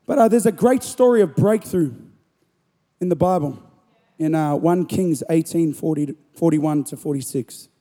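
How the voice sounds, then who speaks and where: A young man preaching a sermon in a church hall, animated and rising to shouts on key lines. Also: a little high, moderate pace. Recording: long hall reverb.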